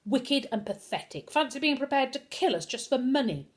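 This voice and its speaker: Woman reading as bold scornful schoolboy in a storybook, high voice, lively pitch. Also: moderate pace. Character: scornful, stout-hearted schoolboy.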